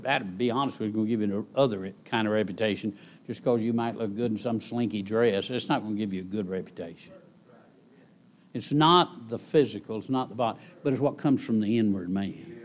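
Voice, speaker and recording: Preaching man, swinging loud and soft. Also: fairly low pitch. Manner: animated preaching with sudden loud rises and soft drops; repeats phrases for emphasis. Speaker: pastor. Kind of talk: sermon.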